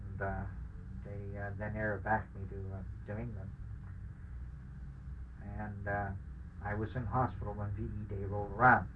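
A man's voice: fairly low pitch, phone-quality sound, a little hiss or hum. An older man, a war veteran, telling his wartime story in an oral history recording, acting out the dialogue and chuckling as he goes. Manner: anecdotal, acts out dialogue, chuckles.

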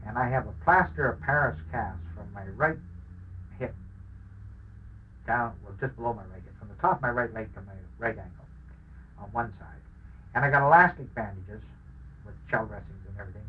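On a muffled recording with faint background noise, an older man with a low voice talks briskly but leaves long pauses. The war veteran shares his wartime memories for an oral history, acting out the dialogue anecdotally and chuckling along.

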